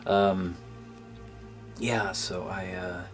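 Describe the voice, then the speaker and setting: A man with a deep, low voice vlogs to his viewers, hesitant and full of fillers. He sounds low-spirited, and his voice often sinks to a breathy near-whisper. Faint music plays softly behind him. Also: fairly even intonation. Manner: subdued and halting, many fillers, drops to near-whisper. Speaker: gaming YouTuber. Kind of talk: casual thank-you vlog. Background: faint background music.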